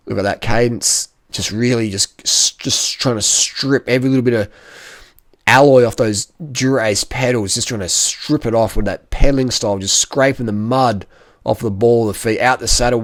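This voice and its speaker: A man commenting casually over race footage in an excitable, slangy way, full of exclamations. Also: medium pitch, no echo, clean studio sound. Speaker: cycling vlogger.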